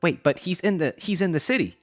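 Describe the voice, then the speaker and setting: A man's voice: high voice, lively intonation, brisk, no room sound, clean studio sound, faint music behind, pitched above the performer's own voice. A man voicing a jittery young hero who stammers when he gets flustered. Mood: puzzled.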